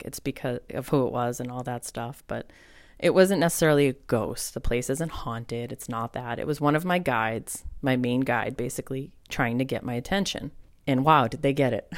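Woman, middle-aged, low voice, dry close sound, casual animated storytelling. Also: no echo. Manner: animated, acts out her own quoted reactions. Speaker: podcast host, psychic medium.

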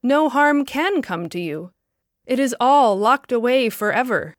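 A woman voicing a kindly male apostle who speaks gently and reassuringly, in a storybook reading. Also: a little high, expressive, measured pace, dry recording, studio quality. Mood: gentle.

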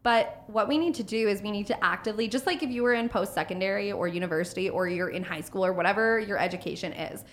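Lively woman just chatting on a podcast, cusses a lot, mid-range voice. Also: medium pitch, quick pace, hardly any pauses. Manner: animated, swears freely, acts out quotes. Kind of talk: casual podcast chat.

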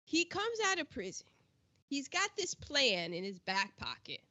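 Brief: woman podcast co-host, high and very expressive, loud exclamatory film recap. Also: measured pace, highs cut off. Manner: animated, exclamatory storytelling with slang. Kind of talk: casual film discussion.

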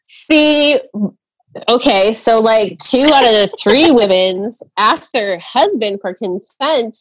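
A woman's voice: fairly high pitch, lively intonation, takes it slowly, fairly bright tone, no room sound. A young adult woman co-hosting a casual chat, chatty, crude and often laughing.

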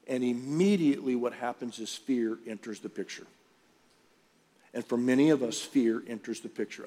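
A man's voice: mid-range voice, normal speed, dark tone. A man preaching a conversational sermon to his congregation in a church service, mixing scripture reading with jokes. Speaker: pastor. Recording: long church-hall reverb.

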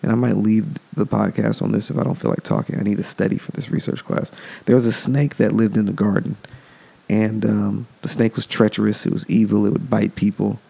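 A man's voice: fairly low pitch, little pitch movement, brisk, gravelly, hardly any pauses, warm tone, husky. A man hosting a podcast, talking in a loose, rambling casual monologue. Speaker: podcast host.

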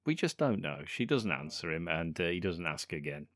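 A man's voice: low-pitched, sing-song, normal speed, fairly bright tone, no room sound, clean studio sound. A man co-hosting a casual film podcast, bantering in a jokey, teasing way and laughing often. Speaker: podcast co-host. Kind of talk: casual film review chat.

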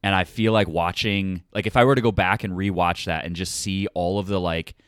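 Very low-voiced excited man. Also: fairly quick, smooth, no room sound, studio quality. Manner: excited, enthusiastic. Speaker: podcast co-host. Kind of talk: casual chat.

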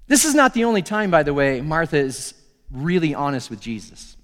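A male pastor giving a sermon, telling the story with animated acted-out dialogue. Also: a little high, a little fast, long reverb tail.

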